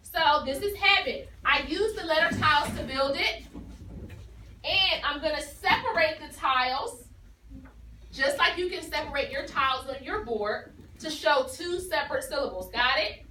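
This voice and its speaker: A woman's voice: high voice, animated, moderate pace, bright, forceful tone. A woman teacher giving a phonics lesson to a class, explaining patiently and encouragingly. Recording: echoey room from far off with noise.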